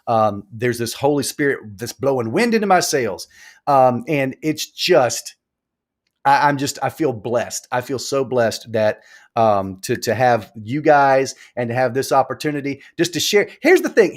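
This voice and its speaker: A man hosting a casual live stream from a small room at home, rambling and animated, repeating himself as he talks. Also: fairly high pitch. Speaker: live show host.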